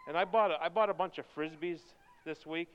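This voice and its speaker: A man preaching a sermon, moving from quiet, intense passages to loud, fervent pleading. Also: fairly high pitch, fairly quick, smooth. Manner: swings from quiet intensity to shouted fervor. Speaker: pastor. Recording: dull sound with long reverb in a hall.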